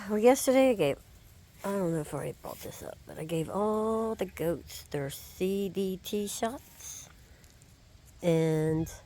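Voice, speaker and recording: A woman's voice: medium pitch, dark tone. A woman, filming outdoors on her backyard farm and chatting affectionately to her animals in a casual baby-talk manner.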